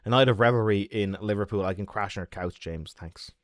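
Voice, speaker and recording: A man's voice: lowish voice, brisk, no echo, clean studio sound. An Irish man chatting casually with his stream viewers, talkative and rambling. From Ireland.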